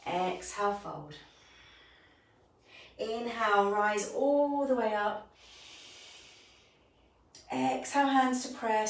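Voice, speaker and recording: A woman teaching a bedtime yoga class, calmly cueing each breath and movement. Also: a little high. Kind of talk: guided yoga instruction. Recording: echoey room, voice from a distance.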